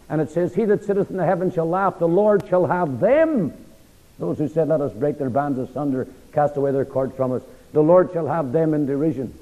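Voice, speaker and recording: Emphatic preacher in an echoing hall. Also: male voice, on the high side, warm tone. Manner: quizzes listeners with "what?" pauses mid-verse; reads scripture slowly and emphatically. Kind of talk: expository sermon. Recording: dull recording in a large reverberant hall.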